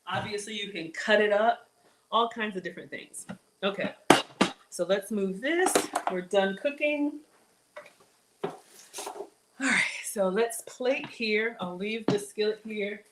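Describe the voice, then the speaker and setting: A woman hosting a casual live cooking show from her home kitchen, her voice sitting at an ordinary middle pitch. She chats warmly to her viewers and calls them y'all as she cooks. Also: slow, long pauses, noisy background. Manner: chatty, upbeat, addresses viewers as y'all. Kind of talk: live-stream cooking demo, casual chat.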